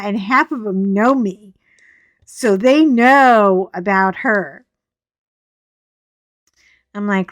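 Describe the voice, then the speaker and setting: A woman's voice: mid-range voice, slow pace, long pauses, dry recording, studio quality. A woman hosting a casual video from home, chatting and telling a story into a desk microphone, laughing often and breaking into acted quotes. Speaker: vlog host.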